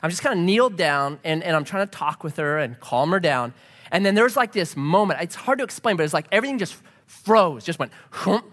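A man's voice: fairly high pitch, fairly quick, long reverb tail. A middle-aged man, a pastor, preaching a sermon and telling a story, acting out the voices of the people in it. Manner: animated, acts out quoted voices.

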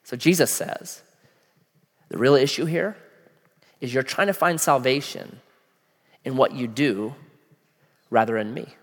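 A man preaching a sermon in a casual, animated way, using slang and asking the listeners questions. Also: medium pitch, a little slow, pauses often. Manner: animated, acts out voices of people in the story. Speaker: pastor. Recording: long hall reverb.

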